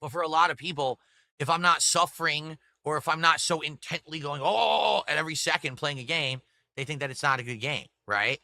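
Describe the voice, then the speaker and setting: A middle-aged livestream host speaks fairly quickly in a fairly high, bright, forceful voice with a steady tone. He chats casually and rambles, talking to his chat and reading out viewers' messages and tips. The audio is clean studio sound with no echo.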